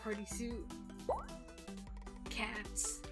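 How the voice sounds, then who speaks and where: A woman's voice: medium pitch, little pitch movement, extremely slow. A woman streamer chatting playfully through a game, swearing and laughing as she answers her chat. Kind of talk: casual let's-play commentary. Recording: game music playing behind.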